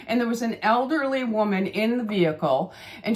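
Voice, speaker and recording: A woman's voice: mid-range voice, lively intonation, moderate pace. A woman in her fifties, a beauty channel host, chatting casually and rambling through a story. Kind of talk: casual chat.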